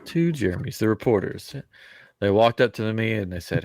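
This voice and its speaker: A man's voice: on the low side, normal speed, no echo, studio quality. A man co-hosting a podcast in casual chat, telling stories and acting out what people said. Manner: animated storyteller, acts out quoted voices. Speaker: podcast co-host.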